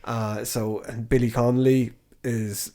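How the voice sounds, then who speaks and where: A man's voice: medium pitch, level tone, a little slow, mellow. An Irish man co-hosting a podcast, chatting casually about films in a rambling way, full of fillers and swearing. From Ireland. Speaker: podcast co-host. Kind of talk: casual film chat.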